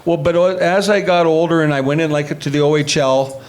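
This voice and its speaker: Middle-aged guy spinning hockey stories, acts out the voices, bit higher pitch. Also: brisk. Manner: animated anecdotes, acts out quoted voices. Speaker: retired hockey player telling stories. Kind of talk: storytelling interview.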